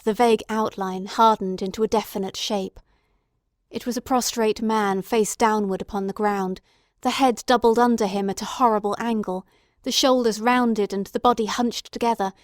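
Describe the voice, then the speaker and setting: A woman's voice: fairly high pitch, no room sound. Woman narrating a classic novel, dry sound. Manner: measured, dramatic storytelling. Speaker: audiobook narrator. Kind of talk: scripted narration.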